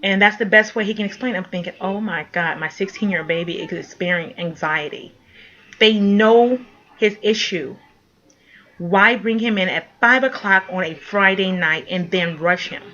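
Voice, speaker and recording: A woman makes an impassioned direct-to-camera appeal, her voice indignant, pleading and emphatic. Her pitch sits in an ordinary middle range. The recording sounds dull and lo-fi. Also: moderate pace, fairly bright tone. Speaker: mother speaking out.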